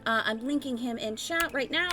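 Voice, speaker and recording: A woman hosting a tabletop game stream, reading out announcements in a casual, rambling way. Her voice is high and bright, and she chats along easily. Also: moderate pace. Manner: chatty, rambling with fillers. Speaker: stream host.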